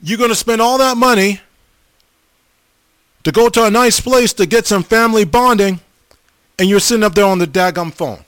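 A middle-aged man casually chatting as a host, reading viewer comments in a folksy, animated way, often repeating himself. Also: sits high, normal speed, pauses often, clean tone, no echo. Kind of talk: casual chat.

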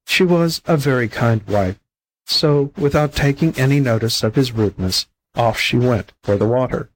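Husky man reading a fable. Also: mid-range voice, moderate pace, low-quality recording. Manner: plain, steady reading of a fable. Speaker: volunteer audiobook reader. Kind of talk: storybook narration.

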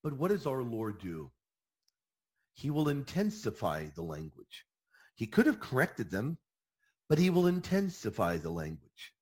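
A man hosting a Catholic apologetics talk in a preaching style, emphatic and animated, repeating phrases for emphasis. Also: medium pitch, measured pace, long pauses, slightly rough.

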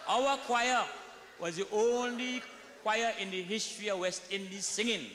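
A man's voice: high-pitched, a little slow, a crowd in the background. A man with a Trinidadian accent telling comic stories to a live audience, folksy, breaking into sung snatches. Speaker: comic storyteller. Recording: echoey hall recording.

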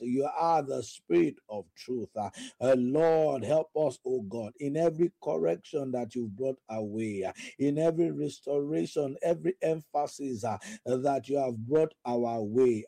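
A man's voice: mid-range voice, creaky, warm tone, no room sound. A man preaching a sermon and leading a fervent, repetitive prayer, speaking in tongues at times. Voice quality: praying in tongues. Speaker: pastor.

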